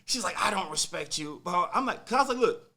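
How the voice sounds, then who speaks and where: A young man spins a personal story on a podcast, his voice swinging widely in pitch as he acts out every line people said. The tone is bright and slightly raised, the talk loose and slangy. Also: brisk. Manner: animated, slangy, acts out quotes. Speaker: podcast host telling a story. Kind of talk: casual storytelling.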